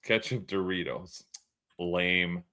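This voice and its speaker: A man co-hosting a podcast, joking around with a tense, forceful edge to his voice. He sits a little low in pitch and laughs easily, swears freely and keeps the banter loose. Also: steady tone, slow. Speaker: podcast co-host. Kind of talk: casual banter.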